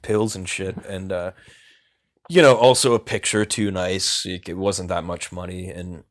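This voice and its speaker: A low-pitched young man tells a long story as a podcast guest. He rambles along with lots of fillers and casual swearing, in a relaxed, unscripted way. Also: unhurried. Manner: rambling, filler-heavy, profane.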